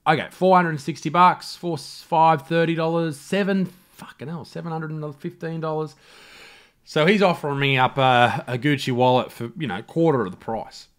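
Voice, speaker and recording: A man's voice: a little high, normal speed. An Australian man hosting a solo comedy podcast, rambling and swearing constantly, laughing at his own stories. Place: home setup in self-isolation.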